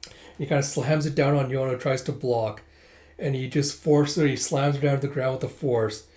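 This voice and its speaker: A man's voice: medium pitch, fairly even intonation, darkish tone. A man casually reading through a manga, narrating the panels play by play. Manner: quick play-by-play retelling. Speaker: manga reviewer.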